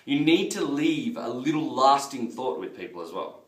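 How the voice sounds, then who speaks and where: A man's voice: mid-range voice, very animated, normal speed, roomy sound, far from the mic, low-quality recording. A man giving a casual business coaching lesson, talking loosely, repeating himself and calling the viewers guys. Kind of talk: casual marketing lesson to camera.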